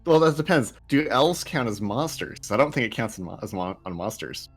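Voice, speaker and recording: A man's voice: fairly low pitch, animated, fairly quick, slightly rough, faint music behind. Man chatting as a tabletop player. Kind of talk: casual tabletop-game chat.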